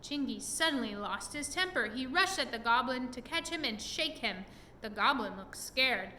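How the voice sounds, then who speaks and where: A woman reads a children's storybook aloud to a child at home, expressive and pausing to explain things. Her voice is bright and on the high side. Faint noise sits behind her.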